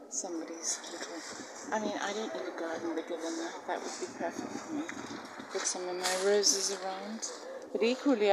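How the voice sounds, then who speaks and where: Casting: older woman narrating a walking tour, handheld phone outdoors, heavy noise. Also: mid-range voice. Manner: chatty, admiring, often drops to a hushed voice. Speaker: vlogger. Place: outdoors in a village street. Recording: loud background noise.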